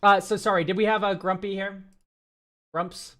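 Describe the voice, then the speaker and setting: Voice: mid-range voice, flat delivery, moderate pace, fairly bright tone. A ranting, foul-mouthed deck-review streamer. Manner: ranting, swears freely, talks to chat. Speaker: streamer reviewing viewer decks. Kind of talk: casual livestream chat.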